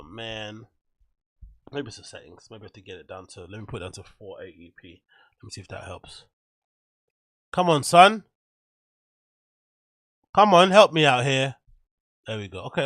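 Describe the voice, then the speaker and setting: A man hosting a casual livestream, excitable and slangy, chatting to his viewers from a computer. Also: lowish voice, dry recording, clean studio sound. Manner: excitable, slangy, talks to the chat. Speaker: livestream show host.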